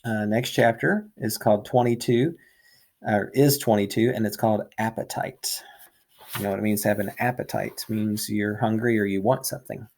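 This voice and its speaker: A man's voice: lowish voice, steady tone, moderate pace, vocal fry, darkish tone. A male teacher reading a novel aloud to his students and casually explaining words and assignments.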